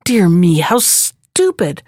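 A woman's voice: on the low side, big pitch swings, takes it slowly, darkish tone, no room sound, clean studio sound, pitched below the performer's own voice, full character voice. A woman reading aloud, voicing a sly young princess who feigns dismay. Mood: feigned dismay.

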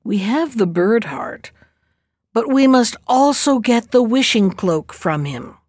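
Woman reader doing a scheming old witch; low, grim, threatening, dry recording. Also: lively intonation, slow, darkish tone, no echo.

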